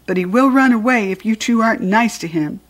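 A woman's voice: on the high side, fairly quick, voice pushed up, close to an everyday voice. A woman voicing an anxious, earnest father who pleads and then gives firm orders, in a storybook reading.

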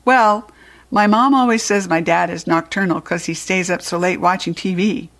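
A woman's voice: on the low side, fairly even intonation, normal speed, a bit bright. A woman doing an eager young schoolboy. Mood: sheepish. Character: squirming schoolboy.

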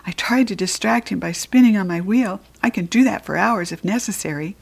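Expressive woman reading a children's story. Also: mid-range voice, a little fast, gravelly, husky. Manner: lively, expressive, playful. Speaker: audiobook reader. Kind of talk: first-person storybook narration.

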